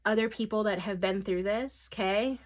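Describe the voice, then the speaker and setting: A woman giving a spiritual tarot reading in a medium-pitched voice. She is reassuring and keeps checking in with her listener. Her affirmations come with emphasis and now and then sink to a soft whisper. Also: moderate pace. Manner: reassuring, often checks in with "okay?". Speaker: tarot reader.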